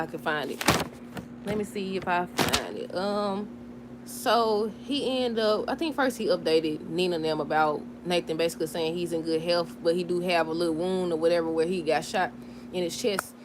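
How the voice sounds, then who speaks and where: A woman in casual chat recapping a soap opera episode, animated, laughing and talking back to the characters. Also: lowish voice, fairly quick, noisy background. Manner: chatty, talks back to the characters.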